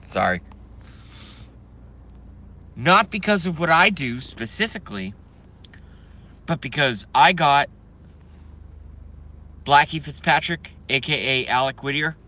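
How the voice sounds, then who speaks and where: A man's voice: on the high side, lively intonation, slow, pauses often, pushed and bright. Angry man ranting on a live stream. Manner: angry, profane ranting with sudden outbursts and apologies. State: voice going hoarse from ranting and smoking.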